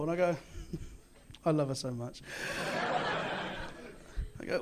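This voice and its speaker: A man's voice: high-pitched, lively intonation, measured pace, vocal fry, pauses often, noisy background. A British man performing a stand-up comedy set in a club, with boastful mock bravado and self-mocking delivery. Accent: British English. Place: comedy club, live audience. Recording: live club with audience laughter.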